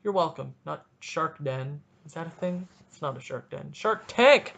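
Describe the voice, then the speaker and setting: A young man hosting a solo casual podcast, rambling and joking at himself in an animated way. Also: fairly high pitch, a little slow, gravelly. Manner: rambling, jokey, animated, self-deprecating. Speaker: podcast host.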